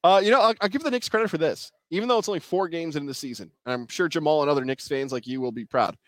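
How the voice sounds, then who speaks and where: A man's voice: a little high, very fast, a bit bright, dry recording. A man hosting a casual sports chat, giving blunt, opinionated takes. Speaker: podcast host.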